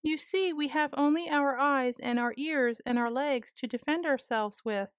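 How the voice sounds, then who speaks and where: A woman voicing a shy, gentle male rabbit who talks in a soft, earnest way in a storybook reading. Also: high voice, moderate pace, no echo, natural voice.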